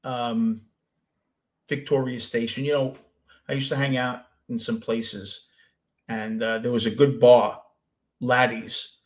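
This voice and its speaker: A man's voice: mid-range voice, little pitch movement, slow, long pauses. A man with a Brooklyn accent who hosts a show, chatting casually with a caller and telling long, rambling stories with many restarts. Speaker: host.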